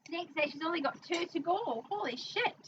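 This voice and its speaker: Woman reading bingo calls, high and bright, kinda muffled lo-fi sound. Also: expressive, moderate pace, distant mic. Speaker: bingo co-host. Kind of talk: calling bingo numbers, casual banter. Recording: dull lo-fi mic with faint noise.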